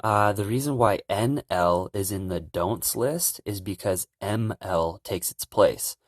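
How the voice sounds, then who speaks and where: A young man giving a relaxed, casual language lesson, calmly explaining pronunciation. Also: fairly low pitch, no room sound, clean studio sound. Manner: relaxed, repeats sounds slowly and loudly to demonstrate. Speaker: language teacher.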